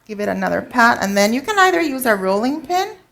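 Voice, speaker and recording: A woman's voice: on the high side, sing-song, fast, creaky, fairly bright tone. Chatty woman teaching biscuit baking. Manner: chatty, instructive, checks in with audience. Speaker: cooking instructor. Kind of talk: live cooking demonstration. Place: teaching kitchen before a live audience.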